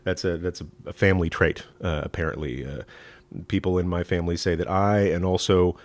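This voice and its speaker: A rabbi from East Texas with a Southern accent, hosting a live-streamed teaching talk in a folksy, rambling way with many fillers. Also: male voice, low voice, fairly even intonation, a little fast, no echo. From East Texas, USA. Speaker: rabbi and show host.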